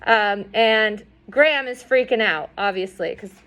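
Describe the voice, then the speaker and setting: A woman's voice: mid-range voice, unhurried, fairly bright tone. Casual woman reading a novel aloud. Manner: conversational, adds asides and fillers. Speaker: audiobook reader.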